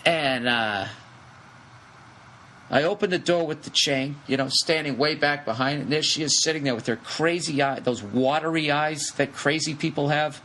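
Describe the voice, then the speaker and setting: A man with a Boston accent and a slightly high voice spins a rambling comic story, swearing constantly and acting out each person. Faint room noise sits behind him. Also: moderate pace. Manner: profane, animated, acts out the people in his story. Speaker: comedian telling a story on a podcast. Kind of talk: casual storytelling.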